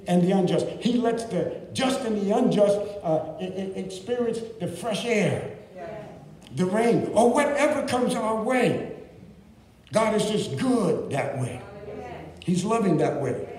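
A male pastor preaching a sermon with big swings in pitch and loudness. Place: church sanctuary. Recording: distant echoey church hall.

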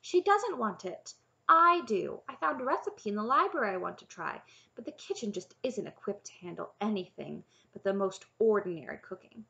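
A woman's voice: mid-range voice, expressive, moderate pace, gravelly, sharp tone, muffled recording. A woman narrator voicing a young princess who speaks firmly and matter-of-factly. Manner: firm and matter-of-fact. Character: young princess, firm, practical, unconventional.

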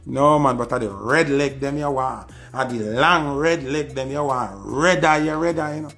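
Scornful Jamaican man with gravelly voice. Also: medium pitch, moderate pace, a bit bright. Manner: scornful, taunting, repeats insults. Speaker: social media personality. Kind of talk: ranting diss video.

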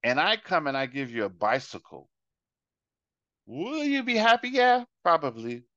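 A man's voice: fairly high pitch, big pitch swings, moderate pace, bright, forceful tone, no echo, highs cut off. A man teaching a Bible study in a conversational sermon style, acting out everyday examples and repeating phrases to make his point. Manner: illustrates with acted-out examples and repetition.

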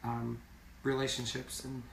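A man's voice: mid-range voice, completely flat delivery, a little slow, gravelly, a little hiss or hum. A man singer in a casual live video chat, speaking earnestly and repeating words for emphasis. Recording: roomy sound from far off.

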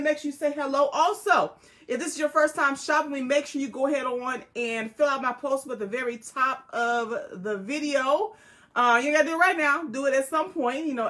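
High-pitched and sharp in tone, a woman hosts a livestream jewelry sale recorded on a tablet. She keeps up warm, folksy selling chat and welcomes viewers by name.

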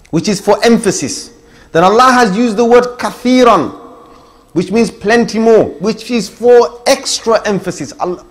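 A middle-aged man giving an emphatic Islamic lecture, listing points and challenging his listeners directly. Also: sits high. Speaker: Islamic preacher. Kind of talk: religious lecture.

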